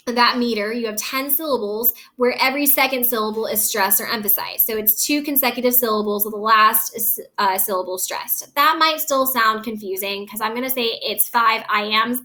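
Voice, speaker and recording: Patiently guiding her students in a recorded lesson, a woman slows down and stretches words to demonstrate syllable stress. She speaks a little high, with a pushed, bright quality.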